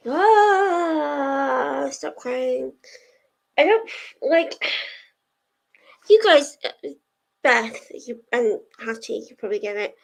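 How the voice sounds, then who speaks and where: A woman's voice: a little high, big pitch swings, takes it slowly, long pauses, rough recording. A young woman hosting a live stream, chatting casually with viewers, laughing often and getting teary. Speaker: livestream host of reading sprints. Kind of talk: casual chat to a live audience.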